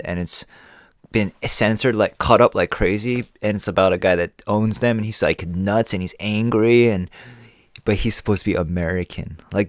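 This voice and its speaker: A man's voice: low-pitched, dry recording, clean studio sound. A man hosting a casual live chat, rambling with lots of fillers and restarts. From East Coast. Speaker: stream host.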